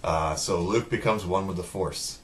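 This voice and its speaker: A film reviewer with a low voice walks through a movie's plot, spoilers and all, at a moderate pace. The retelling is animated and profane, full of acted-out quotes, and he sounds far from the microphone.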